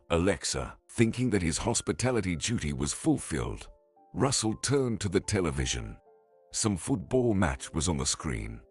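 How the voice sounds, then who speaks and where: A man narrating a scripted story in an even storytelling delivery. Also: sits low, moderate pace, slightly rough, soft background music.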